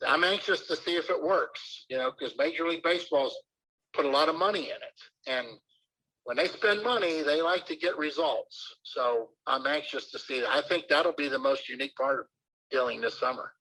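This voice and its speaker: An older man, a baseball manager, telling rambling anecdotes full of fillers in a relaxed interview. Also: a little high, normal speed, poor audio.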